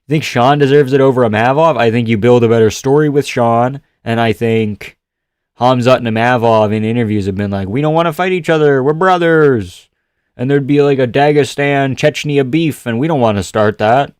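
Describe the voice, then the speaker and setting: A man's voice: mid-range voice, a little fast, darkish tone, clear, resonant tone, no room sound, studio quality. A man live-streaming in casual chat, joking and swearing as he answers viewers. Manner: profane, joking, rambling.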